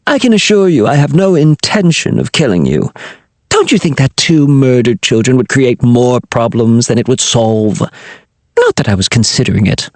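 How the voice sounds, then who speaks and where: A man voicing a cocky, quick-witted adult woman sailor in an audiobook, in a breezy, teasing manner. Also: extremely low pitch, sing-song, darkish tone, no echo, exaggerated voice. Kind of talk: audiobook character voice.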